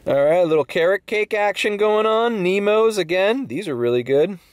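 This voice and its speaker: A man's voice: high voice, animated, normal speed, a little hiss or hum. A young man delivering food, ranting bluntly and sarcastically with swearing, speaking English with a slight Latino accent from inside his car. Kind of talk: casual rant vlog.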